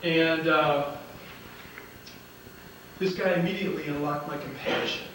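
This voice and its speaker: Unhurried and fairly high-pitched, this man from Illinois is a motivational speaker giving a storytelling speech to a live crowd. He acts out the dialogue of his comic stories and laughs at his own jokes, heard through a distant mic in a large, roomy auditorium with loud room noise.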